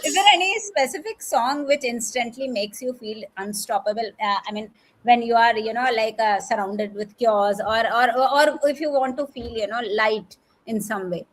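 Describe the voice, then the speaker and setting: Woman podcast host, slightly high, hesitant. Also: moderate pace. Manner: hesitant, many fillers and restarts, laughs easily. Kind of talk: conversational interview.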